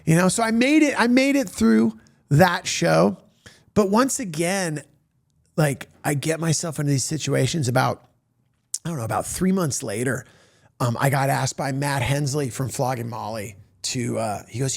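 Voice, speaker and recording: A man in his fifties, a comedian hosting his own show, telling stories in an animated monologue and acting out the voices of people in them. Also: a little high, normal speed, vocal fry. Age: 50s. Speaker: comedian host. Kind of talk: storytelling monologue.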